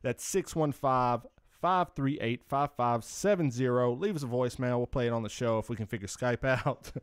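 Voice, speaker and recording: A man's voice: medium pitch, normal speed, clear, resonant tone, dry recording, clean studio sound. A man co-hosting a podcast in casual chat, joking and eagerly moving the show from one segment to the next. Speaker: podcast co-host.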